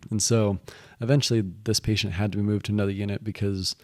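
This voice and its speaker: A man's voice: lowish voice, little pitch movement, fast, a little mellow, dry recording. A young man casually telling stories about his work, rambling and restarting, with many "he's like" asides. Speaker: vlogger recounting work experiences. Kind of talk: casual storytelling monologue.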